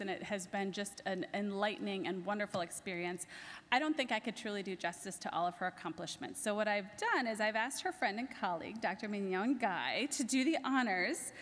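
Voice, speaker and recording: A woman's voice: medium pitch, fairly quick, fairly bright tone, a little hiss or hum. A woman introducing speakers at a conference, enthusiastic and candid, with some filler words. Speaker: society president presenting award. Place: large conference hall. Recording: long hall reverb.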